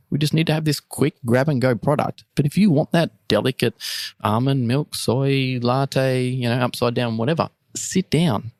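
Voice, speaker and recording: A man's voice: medium pitch, vocal fry, no echo, clean studio sound. An Australian man, a coffee roaster guest, speaking earnestly and thoughtfully in casual chat.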